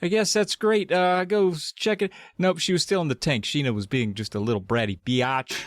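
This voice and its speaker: A man co-hosting a casual podcast, chatty and quick to laugh. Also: mid-range voice, no room sound, studio quality. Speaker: podcast co-host. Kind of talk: casual chat.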